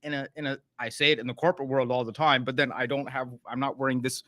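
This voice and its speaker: A man's voice: mid-range voice, level tone, fast, fairly bright tone, no room sound. A man from the Toronto area, hosting a live talk show in a chatty, joking way with plenty of fillers. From Canada (Toronto area). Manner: chatty, jokey, lots of fillers. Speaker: host.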